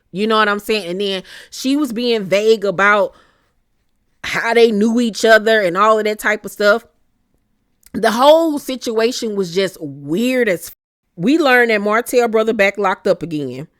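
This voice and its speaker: A young adult woman giving casual, profane commentary that recaps a reality show, blunt and animated, with plenty of slang and asides. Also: mid-range voice, dry recording, studio quality. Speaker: recap vlogger.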